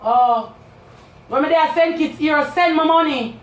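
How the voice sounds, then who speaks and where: A high-pitched Jamaican woman on a live stream, hammering the same accusations over and over and breaking into loud shouts. Her voice rings around an echoey room. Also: a little slow. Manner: accusing, repetitive, loud outbursts. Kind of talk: heated live-stream rant.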